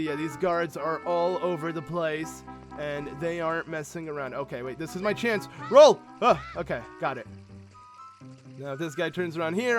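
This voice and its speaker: Friendly, chatty male gamer host, a bit high-pitched, rambling commentary over soft game music. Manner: chatty, rambling, self-correcting, talks to viewers as friends. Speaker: let's play host. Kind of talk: casual gameplay commentary.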